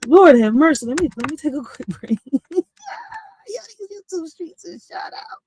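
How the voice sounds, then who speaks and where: Animated, laughing woman streamer. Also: sits high, moderate pace, low-quality recording. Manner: animated, laughing, slangy, swings between loud and quiet. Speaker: livestream host. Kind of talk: casual livestream talk.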